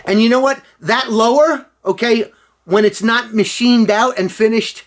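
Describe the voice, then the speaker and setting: High-voiced man in a rambling, sarcastic rant. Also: measured pace. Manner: profane, sarcastic, rambling with many fillers. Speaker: vlogger. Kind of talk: casual rambling monologue.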